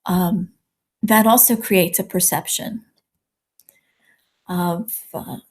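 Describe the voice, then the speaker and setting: A woman communication coach speaking in a measured, affirming way. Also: medium pitch, warm tone, husky. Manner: measured, affirming, gives frequent backchannels. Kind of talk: conversational interview.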